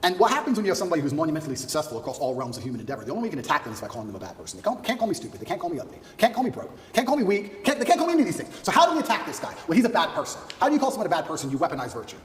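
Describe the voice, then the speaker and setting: Rapid high-pitched man, boastful and echoey. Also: sing-song, a little hiss or hum. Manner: boastful, repetitive, emphatic lists. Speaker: interview guest. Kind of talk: combative monologue. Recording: roomy echo, distant from the mic.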